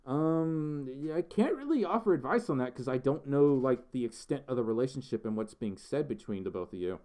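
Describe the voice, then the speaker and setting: A man's voice: mid-range voice, expressive, brisk, mellow. A man hosting a casual livestream, rambling and congested as he answers chat questions. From United States. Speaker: livestream host reading chat. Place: indoors, in a fursuit.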